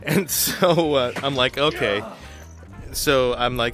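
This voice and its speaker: A man's voice: medium pitch, slow pace, over music. A man telling a long personal story in a casual, chatty way while playing a game, laughing often and restarting his sentences. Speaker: gaming video host. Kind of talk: casual storytelling over gameplay.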